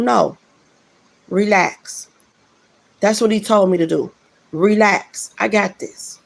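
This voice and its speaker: Middle-aged woman, a fry in her voice, giving an earnest, casual spiritual testimony. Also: a little high. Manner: earnest, repeats phrases for emphasis, addresses listeners directly.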